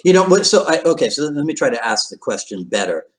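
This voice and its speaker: A man hosting an interview podcast, asking questions with halting restarts and lots of yeahs. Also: fairly high pitch. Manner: animated, halting restarts, frequent backchannel. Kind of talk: casual interview conversation.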